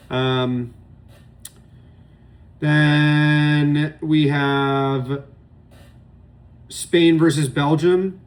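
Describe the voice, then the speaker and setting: A man's voice: mid-range voice, a little mellow. A young man giving loose, opinionated solo commentary on football matches, rambling and swearing often. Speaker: sports podcast host. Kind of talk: casual solo sports commentary.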